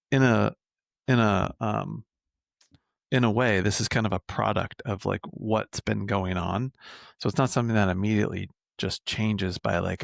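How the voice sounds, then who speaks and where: A man's voice: on the low side, creaky, dry recording, studio quality. A man working as a men's coach, talking casually in a podcast interview and tagging his points with "right?" and the odd swear word. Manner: conversational, frequent "right?" tags.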